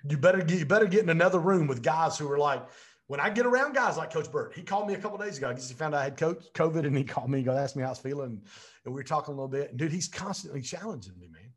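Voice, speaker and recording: A man tells his story with fierce, emphatic energy and keeps repeating himself for effect. His voice sits a little high for a man. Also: lively intonation, very fast. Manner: intense, emphatic, repeats phrases. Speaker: guest, real estate business coach.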